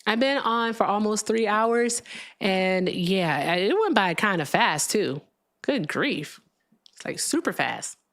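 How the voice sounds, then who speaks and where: A woman's voice: mid-range voice, animated, slow, fairly bright tone. A woman hosting a live call-in stream, brash and teasing, laughing often. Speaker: livestream host. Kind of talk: casual live call-in chat.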